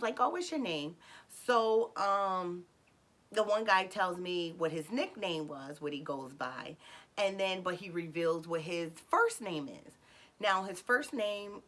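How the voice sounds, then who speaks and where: A woman casually telling a personal story, animated, acting out dialogue in sudden high excited bursts, with frequent fillers and self-corrections. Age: adult with a son.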